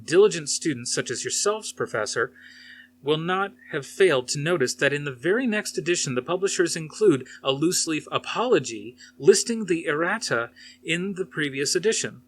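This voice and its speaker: A man's voice: a little high, lively intonation, moderate pace, voice pushed up. A man reading aloud, voicing a combative male scholar who lectures with pointed sarcasm. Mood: sarcastic.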